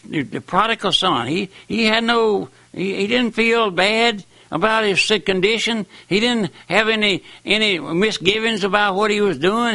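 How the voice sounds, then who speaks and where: An older man preaches in a rambling, folksy way, his voice swelling and dropping for emphasis. His tone is gravelly with a forceful edge, sitting a little high for a man. The sound is dry and close. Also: no echo. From raised on a farm. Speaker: preacher on radio. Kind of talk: sermon.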